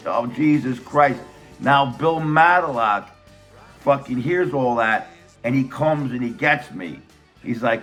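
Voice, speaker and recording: A middle-aged man telling a childhood story in a casual, animated way, swearing a lot and acting out the other people's voices. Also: mid-range voice, moderate pace, faint music behind.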